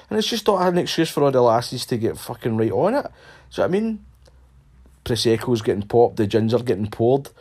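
A man's voice: mid-range voice, darkish tone. A Scottish man ranting in a casual monologue, sweary and sarcastic, mocking people with put-on voices.

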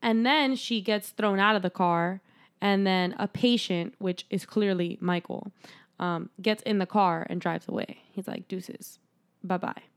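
A woman's voice: mid-range voice, measured pace, clear, resonant tone. A young woman casually recapping a horror movie with a co-host, chatty, laughing often and swearing freely. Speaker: podcast co-host.

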